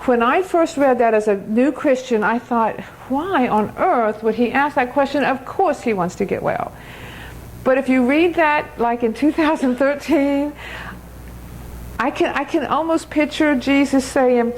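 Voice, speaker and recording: An older woman giving an emphatic testimony sermon at a church, laughing often and slowing down on key phrases. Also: sits high, darkish tone, slight background noise, poor audio. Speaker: speaker at a church.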